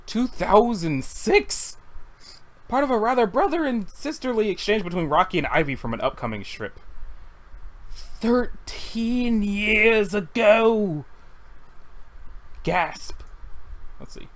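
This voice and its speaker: This medium-pitched voice swings widely in pitch and moves slowly, with long pauses. It belongs to a giggly webcomic reader chatting casually through a comic at a computer, rambling and interrupting themself.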